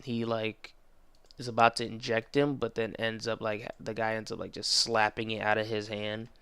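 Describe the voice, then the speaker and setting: A young man giving a casual anime episode review, excitable and rambling, full of slang and restarts. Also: on the low side, normal speed, clean tone.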